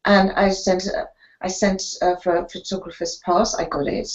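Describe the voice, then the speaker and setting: An older woman, a sports photographer and guest on an interview show, telling her stories in an animated way and acting out the voices of the people she quotes. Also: on the low side, normal speed, dull audio. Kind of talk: storytelling interview.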